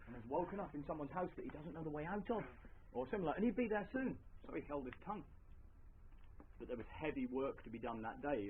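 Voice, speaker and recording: Guy telling a folk tale live in a hall, chatty, sing-songy, tinny phone-ish sound. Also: on the high side. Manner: chatty, with asides to the audience. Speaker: storyteller. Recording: tinny lo-fi live recording, faint hiss.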